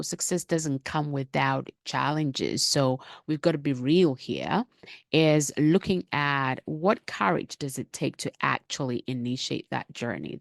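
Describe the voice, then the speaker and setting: A woman's voice: a bass voice, creaky, dry recording, studio quality. A middle-aged woman hosting a podcast, speaking in an emphatic, rallying motivational monologue full of repetition. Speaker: podcast host.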